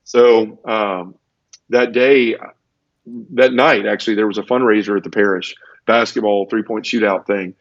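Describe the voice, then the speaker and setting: At a normal speed and in a steady, lowish voice, the man shares his emotional story of conversion with evident earnestness. Repetition runs through his speech, he acts out quoted voices, and the audio is dull and lo-fi.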